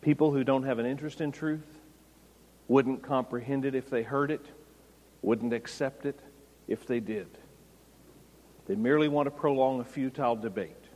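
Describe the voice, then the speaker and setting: A man preaching an expository sermon, rising to loud, emphatic peaks. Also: mid-range voice, normal speed, pauses often. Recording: long hall reverb.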